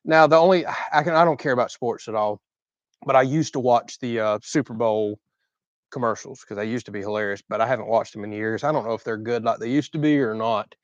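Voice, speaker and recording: A man with a deep Southern Florida drawl, casually reading and answering viewers' questions on a livestream. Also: brisk, dry recording, lo-fi sound. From Southern United States. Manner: relaxed, reads viewer questions aloud and chats. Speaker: co-host of a channel livestream.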